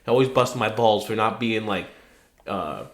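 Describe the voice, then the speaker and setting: A young man co-hosting a podcast rambles through stories in casual chat, swearing a lot and laughing along the way. His lowish voice has lively intonation at a normal speed, and the recording has a roomy echo.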